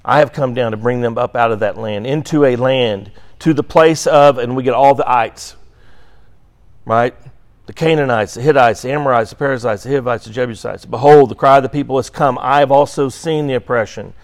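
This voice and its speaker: A man's voice: medium pitch, brisk. A man teaching an adult Sunday school class, reading scripture aloud with emphasis and checking in with "right?". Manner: reads scripture aloud with emphasis, frequent "right?" tag questions; occasionally clears throat. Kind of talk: Bible class lecture.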